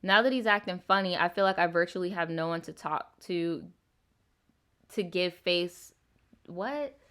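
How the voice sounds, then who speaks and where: A woman's voice: lowish voice, a little slow, a bit bright, clean tone. A young woman hosting a storytime channel. She reads a viewer's letter aloud, breaks off often with blunt, profane comments, and laughs a lot.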